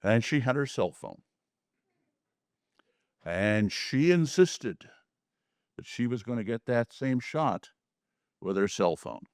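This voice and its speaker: The photo slide talk continues in his medium-pitched, lively voice, now slower and with frequent pauses. The recording is close and dry, without room sound, as he jokes folksily and chats to a small community-room audience.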